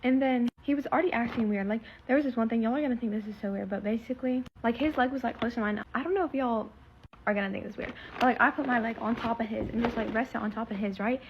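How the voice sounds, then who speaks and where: A woman's voice: fairly high pitch, quick pace, a little hiss or hum. A teenage girl telling a story in a casual vlog, rambling and full of fillers as she retells something emotional. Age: teens. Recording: slightly muffled lo-fi recording.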